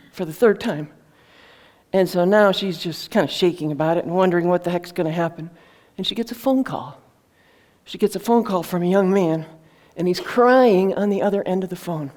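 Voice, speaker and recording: A woman's voice: on the low side, warm tone. A woman author telling a heartfelt story to an audience in an earnest, conversational way, with fillers and restarts. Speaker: author presenting her book.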